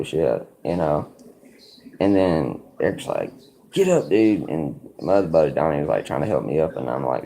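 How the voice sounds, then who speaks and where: A very deep, gravelly man spins a loose, rambling story between moves of a card game. His swearing is casual and his delivery swoops up and down, with a dark, mellow tone. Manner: rambling, profane, full of likes and you-knows. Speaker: streamer.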